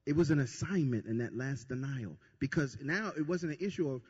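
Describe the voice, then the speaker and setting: Male pastor, husky and high, repetitive emphatic preaching, dull lo-fi recording. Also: a little fast, hardly any pauses, a little mellow. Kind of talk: sermon. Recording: long reverb, dull lo-fi sound.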